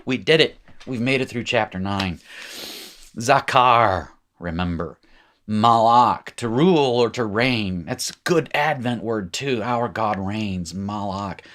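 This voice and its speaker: A man's voice: lowish voice, a bit bright. A man teaching a recorded language lesson in a chatty, informal way, with joking asides. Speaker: Hebrew teacher. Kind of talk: recorded lecture.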